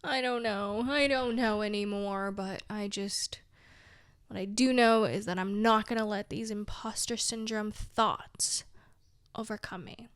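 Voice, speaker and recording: A woman's voice: mid-range voice, fairly even intonation, a little slow, clean tone, no echo, studio quality. A young woman vlogging in a candid, rambling chat, full of fillers and wry self-mocking asides. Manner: rambling and candid, heavy use of "like", trailing off. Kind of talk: casual confessional vlog chat.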